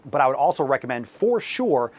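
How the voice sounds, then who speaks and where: A man in the middle of his pitch range answers viewer questions on his fitness channel. He is blunt and swears freely, sometimes ranting, and his voice is a touch hoarse from losing it. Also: big pitch swings, fairly quick. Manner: blunt and profane, ranting at times.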